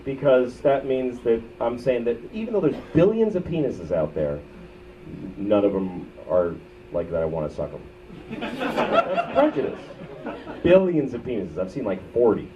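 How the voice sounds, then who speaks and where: A man in his thirties doing live stand-up, profane and ranting, swinging from loud outbursts to low muttered asides. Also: big pitch swings, normal speed. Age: 30s. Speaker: stand-up comedian. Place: comedy club stage. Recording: muffled bootleg recording from a distance with loud crowd noise. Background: audience laughter.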